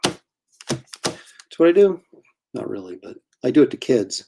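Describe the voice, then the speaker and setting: A man's voice: medium pitch, sing-song, slow pace, creaky, noisy background. A middle-aged man, a comic artist, chatting casually while drawing, rambling and self-deprecating with frequent chuckles.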